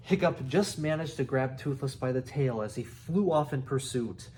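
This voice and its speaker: A man reading a children's book aloud, unhurried, with restarts and small asides. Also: medium pitch, a little mellow, slight background noise. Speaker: reader.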